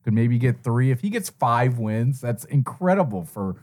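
A man co-hosts a sports talk show in loose, rambling chat. He talks through the games in an animated way and circles back on his points as he goes. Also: mid-range voice, normal speed. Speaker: co-host. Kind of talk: casual sports betting chat.

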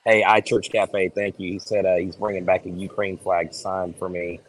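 A man co-hosting a sports podcast, chatty and quick to laugh. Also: sits low, little pitch movement, low-quality recording. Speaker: podcast co-host. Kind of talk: casual sports chat.

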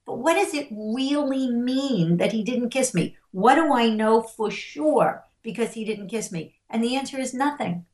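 A middle-aged woman who coaches on parenting and stress, telling stories slowly and emphatically and acting out the voices of the people in them. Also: on the high side, expressive, a little mellow, reverberant. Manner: slow, emphatic, acts out the voices in her stories. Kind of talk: interview storytelling.

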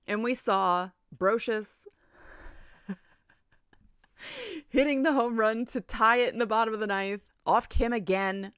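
A woman in her forties, a podcast host telling a story in a chatty, animated way. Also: a little high, a little slow, pauses often, clean tone, no room sound, studio quality. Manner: animated, chatty, laughs often. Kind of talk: casual storytelling.

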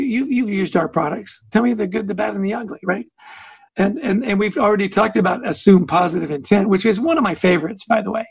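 A man's voice: sits high, creaky, husky, dry recording. A man being interviewed as an author, telling stories with energy, acting out both sides of the dialogues and laughing between points. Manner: lively storyteller who acts out both sides of dialogues. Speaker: author and guest. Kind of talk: conversational interview answer.

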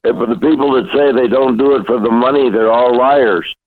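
A man's voice: medium pitch, steady tone, fairly quick. An older man, a guest actor, telling rambling anecdotes in a casual interview, with restarts and chuckles. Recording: dry thin phone-like line.

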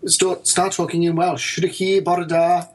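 A man's voice: high voice, little pitch movement, normal speed, a little hiss or hum. A man taking part as a guest in casual podcast banter, chatty and amused.

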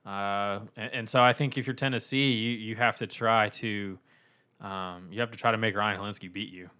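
A man's voice: on the low side, steady tone, normal speed, pushed and bright, clear, resonant tone. A man co-hosting a sports podcast, talking through analysis with many hesitations and restarts. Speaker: podcast co-host. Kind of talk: casual sports podcast chat.

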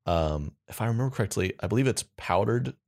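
A young man with a fairly low voice co-hosts a comedy podcast. He rambles through food stories in a loose, jokey way. His chat is casual and unscripted. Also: animated, fast, darkish tone. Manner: rambling, jokey, slips into silly put-on accents. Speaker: podcast co-host.

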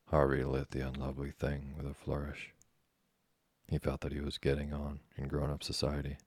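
A man reading a classic novel aloud as a sleep story, in a slow, hushed, even voice. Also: rumbling low, breathy edge, no room sound.

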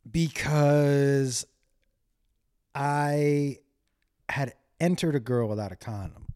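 In a warm, mid-range voice, a man runs his podcast alone. He spins crude, self-mocking tales in a casual ramble that keeps straying off topic.

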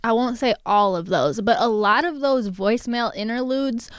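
Brief: woman interviewer, higher pitch, dry close mic, engaged and casual. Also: moderate pace, smooth, no room sound. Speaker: podcast host.

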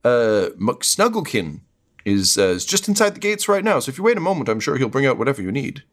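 A man's voice: medium pitch, big pitch swings, fairly quick, voice pushed up, close to an everyday voice. A man voicing a nervous male gate guard who stammers and apologizes.

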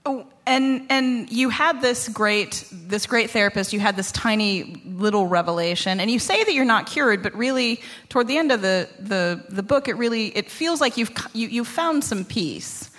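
A woman interviews an author, working her way into each question with fillers and restarts. Her voice sits slightly high and sounds bright and clear. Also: animated, moderate pace, few pauses, in a large hall. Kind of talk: interview conversation.

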